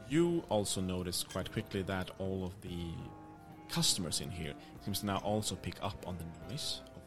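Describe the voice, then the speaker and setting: A man with a low voice runs a tabletop game, describing scenes in a halting way, full of restarts and "uh"s. Faint music plays behind him. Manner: hesitant, filler-heavy narration with many restarts. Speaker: game master.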